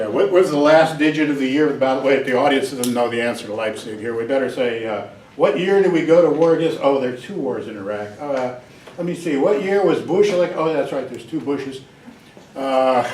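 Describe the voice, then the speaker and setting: A man lectures to a class, wandering off into jokes and acting out his examples with barks and little voices. His voice sits at an ordinary middle pitch. He sounds set back from the microphone in an echoey lecture hall, with a faint hiss underneath. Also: distant mic. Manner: digressive and joking, acts out examples with barks and voices. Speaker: psychology lecturer. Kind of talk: university lecture.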